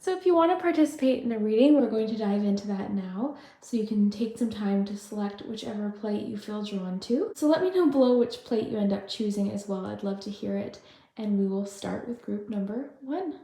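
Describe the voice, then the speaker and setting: A woman's voice: mid-range voice, fairly quick, warm tone. A woman doing a pick-a-card tarot reading, chatty and reflective, often saying "I feel like". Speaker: tarot reader.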